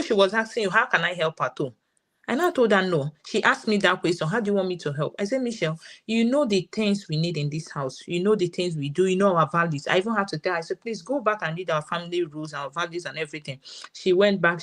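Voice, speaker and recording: Nigerian-accented mother telling a story. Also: fairly low pitch. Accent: Nigerian English. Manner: storytelling, quoting her daughter's words. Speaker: parent guest sharing her experience. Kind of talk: live session testimony.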